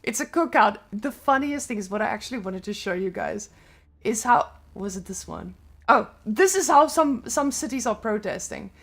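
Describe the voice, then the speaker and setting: A woman's voice: a little high, lively intonation, moderate pace. A young adult woman with a Serbian accent, chatting casually on a live stream in loose, non-native English.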